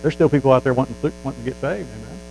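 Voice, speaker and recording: Fast-talking preacher. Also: male voice, mid-range voice, creaky, slight background noise, low-quality recording. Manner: folksy, emphatic preaching that rises to loud fervor. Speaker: Baptist pastor. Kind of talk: sermon.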